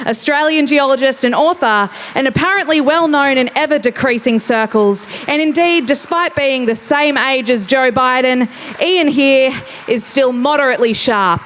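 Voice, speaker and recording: A woman's voice: high voice, moderate pace, a bit bright, a little hiss or hum. A woman hosting, giving a teasing stage introduction of a speaker. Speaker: host.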